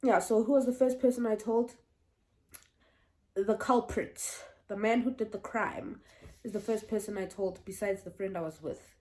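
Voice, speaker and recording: A woman in her twenties telling a personal story to her viewers in a chatty, animated way. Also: medium pitch, moderate pace, slight background noise. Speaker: vlogger. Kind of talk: story time vlog.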